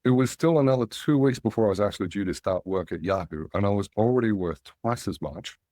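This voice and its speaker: A middle-aged Australian man, a guest in an interview, telling relaxed anecdotes and animating the voices of people he quotes. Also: fairly low pitch, fast, no echo. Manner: anecdotal, animated when quoting others. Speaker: guest, angel investor.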